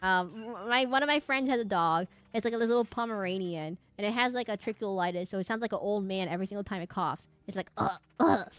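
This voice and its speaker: A woman's voice: medium pitch, quick pace, hardly any pauses, fairly bright tone. A young woman chatting casually while streaming a game, rambling and giggling with lots of restarts and asides.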